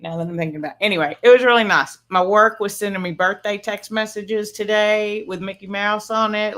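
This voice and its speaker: A woman's voice: medium pitch, steady tone, brisk, hardly any pauses, a bit bright. A woman in her fifties hosts her own birthday livestream in a casual, chatty way. She tells stories, laughs often, and speaks in a mid-range voice. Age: 50s. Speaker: livestream host. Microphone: streaming setup mic.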